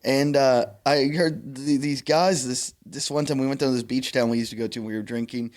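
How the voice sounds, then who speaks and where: A man's voice: medium pitch, steady tone, fairly quick, a little mellow. A man hosting a casual comedy podcast, rambling through a drunken story and swearing a lot. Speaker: podcast host.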